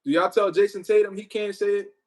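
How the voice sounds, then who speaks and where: A man hosting a livestream, talking casually with heavy profanity and animated storytelling. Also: sits high, quick pace. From Puerto Rico. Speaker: livestream host.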